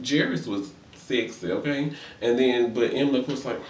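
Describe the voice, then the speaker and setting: A man giving a casual comedic recap of reality TV, sassy and profane, acting out the quotes in high voices. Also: normal speed, far from the mic, slight background noise. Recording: roomy echo, a bit off-mic.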